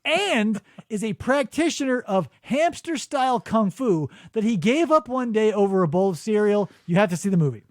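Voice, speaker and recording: A man hosting a podcast, telling a story in animated casual chat and laughing often. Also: high-pitched, dry recording, clean studio sound. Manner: animated, jumps into quick voices and laughs a lot. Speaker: podcast host. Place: radio studio.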